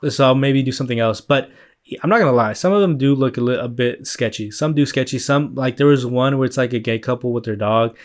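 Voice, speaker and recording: A man's voice: mid-range voice, quick pace. Male podcast host, mid-range voice, loose rambling delivery with plenty of filler words and swearing. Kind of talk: casual solo podcast chat.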